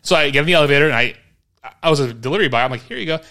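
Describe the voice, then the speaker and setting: Male podcast co-host, 30s, quick bright delivery, animated storyteller. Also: medium pitch. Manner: animated storyteller, acts out his own past reactions. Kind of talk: casual storytelling chat.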